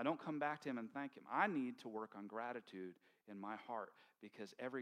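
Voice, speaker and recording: A pastor preaches to his congregation in a bright, forward voice. He tells the story in a loose, conversational way and acts out the voices of the people in it. His pitch sits in the middle of the male range. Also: fairly quick, hardly any pauses. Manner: conversational, animated storytelling with acted-out quotes. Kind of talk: sermon. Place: church sanctuary with congregation.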